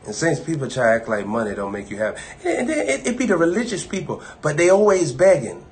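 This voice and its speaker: A man preaching an informal live-streamed sermon, talking conversationally and repeating himself, moving from loud bursts to low asides. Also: sing-song, brisk, a little hiss or hum.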